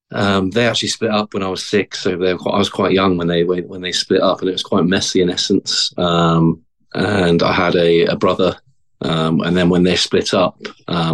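A man from the south, a former marine, talking casually and haltingly as a podcast guest. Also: deep voice. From England. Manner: relaxed, hesitant, many fillers. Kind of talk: casual interview talk.

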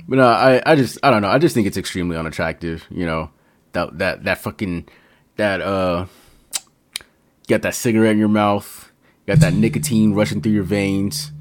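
A low-voiced man co-hosting a podcast among friends. He talks casually and playfully, hamming it up like a showman and swearing freely. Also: moderate pace, pauses often. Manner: playful, dramatic emcee-style delivery, swears freely. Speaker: podcast co-host.

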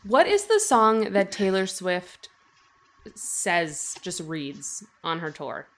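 A woman co-hosting a casual book-chat podcast, summarizing chapters in a relaxed way with many ums. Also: on the low side, slow. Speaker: podcast co-host.

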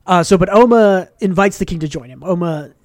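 A man's voice: high voice, a little fast, darkish tone, no room sound, clean studio sound. A man co-hosting a podcast, casually recapping a comic book for a book club, talking with many fillers and acting out quotes. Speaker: podcast co-host.

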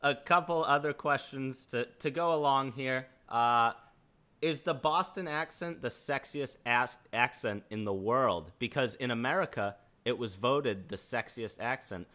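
A young man co-hosts a relaxed interview and asks questions in a loose, rambling way. His voice is bright and forward, and he laughs between his sentences. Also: mid-range voice, a little slow. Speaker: podcast co-host. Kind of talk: casual interview chat.

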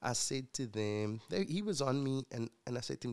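A South African man speaks briskly in a medium-pitched voice with lively intonation and a darkish, clear, resonant tone. As guest and future co-host in a casual interview, he tells his life story in an earnest, reflective way, peppered with fillers.

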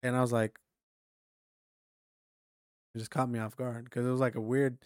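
A man's voice: mid-range voice, little pitch movement, moderate pace, no echo, studio quality. A young man co-hosting a podcast, telling a story in casual chat, swearing a lot and saying "like" constantly. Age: young adult. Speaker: podcast co-host.

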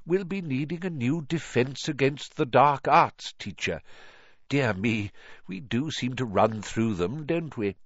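A man voicing a wise, gentle old male headmaster who speaks softly and calmly, on a dull lo-fi recording. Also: medium pitch, dry recording, voice pushed up. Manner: soft, calm, measured.

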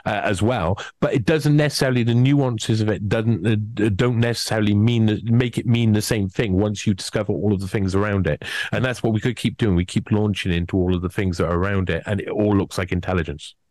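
A man's voice: fairly low pitch, fairly quick, few pauses, no echo. A hungover man speaking as a guest in a casual conversation, stammering and restarting as he makes his points. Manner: stammering, animated.

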